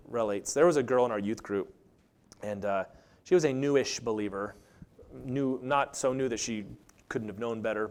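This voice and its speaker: A man pastor, preaching a sermon in an animated way and acting out quoted voices with humor. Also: on the high side.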